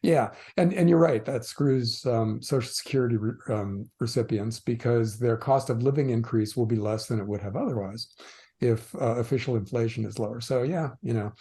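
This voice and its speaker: A man with a mellow, darker voice speaks as a podcast guest. He explains things casually, with dry irony. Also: medium pitch, moderate pace. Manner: dry ironic, hesitant with fillers. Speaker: guest commentator. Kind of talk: casual interview chat.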